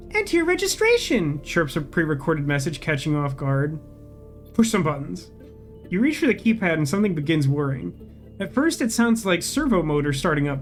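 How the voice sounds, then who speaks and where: A game streamer reading a narrative game aloud and breaking off for wry, sarcastic asides. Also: mid-range voice.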